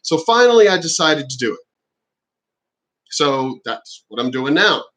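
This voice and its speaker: A man ranting on his own vlog, profane and exasperated, now and then mocking others in shrill voices. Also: big pitch swings, a little slow, a bit bright, poor audio. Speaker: channel host.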